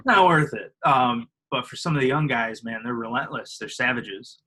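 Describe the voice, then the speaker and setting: A man's voice: medium pitch, moderate pace, low-quality recording. A young man in his twenties, a podcast guest, telling stories casually and animatedly, acting out other people's voices and using lots of fillers. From Illinois, US. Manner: animated, acts out other people, heavy filler words, laughs often. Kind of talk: casual storytelling.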